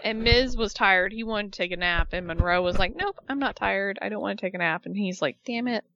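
A woman co-hosting a casual chat, recapping a show with lively retellings and quoted voices. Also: medium pitch, brisk, dull audio. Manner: animated retelling, acting out the people she quotes. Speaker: podcast co-host recapping a reality show.

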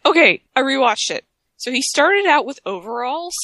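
A woman's voice: high voice, very animated, moderate pace, bright, forceful tone, no echo. A woman co-hosting a casual podcast, talking in a chatty, enthusiastic way. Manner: chatty, enthusiastic, trails into repeated phrases. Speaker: podcast co-host. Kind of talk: casual chat.

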